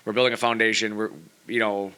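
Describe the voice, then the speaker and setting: A man hosts a casual podcast, speaking fast with a bright, forceful tone. His voice sits a little low. He rambles loosely and leans on filler words. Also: flat delivery, clean tone. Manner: rambling, heavy on fillers like "you know" and "like". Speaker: podcast host.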